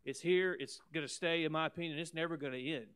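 A man preaching a sermon as pastor, emphatic, repeating words and swinging between loud and soft. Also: a little high, quick pace, smooth.

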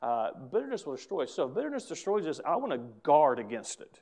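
Male pastor, higher-pitched, fervent preacher with loud emphatic swells and quick asides. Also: sing-song. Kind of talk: preaching a sermon.

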